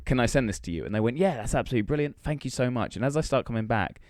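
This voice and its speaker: A young man tells a story at a fast clip on a podcast, swearing freely and acting out each line of dialogue. His voice sits at an ordinary pitch and is recorded close and dry, with no room sound. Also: lively intonation, a little mellow, no room sound. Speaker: podcast co-host. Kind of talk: casual chat, storytelling.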